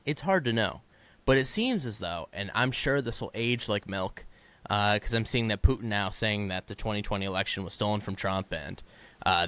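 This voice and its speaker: Low-voiced man hosting a dry podcast. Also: no echo. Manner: relaxed, hedging, filler-heavy. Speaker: podcast co-host. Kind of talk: casual political discussion.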